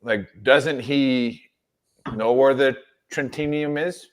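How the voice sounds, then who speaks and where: A man's voice: medium pitch, slow pace. A man co-hosting a casual veterans' podcast, rambling through a theory and checking in with "right?". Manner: rambling, many fillers like "right?". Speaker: podcast co-host. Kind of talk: casual chat.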